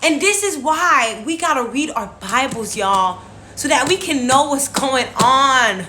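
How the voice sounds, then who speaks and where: A young woman hosting a casual Bible devotion, talking straight to her viewers in an animated, chatty way. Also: high-pitched, unhurried, noisy background. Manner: animated, talks to viewers as "y'all". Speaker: devotional host.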